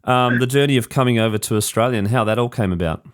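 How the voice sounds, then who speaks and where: A man's voice: medium pitch, fast talker, clean tone. A man hosting an interview, asking questions in a hesitant way that restarts and rephrases as he goes. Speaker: podcast host. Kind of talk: conversational interviewing.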